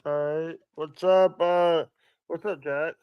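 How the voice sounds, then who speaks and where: Man, high smooth voice, dry close sound, dull lo-fi headset audio, friendly and apologetic. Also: steady tone, slow, no echo. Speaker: caller on a livestream. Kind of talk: casual chat. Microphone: cheap headset.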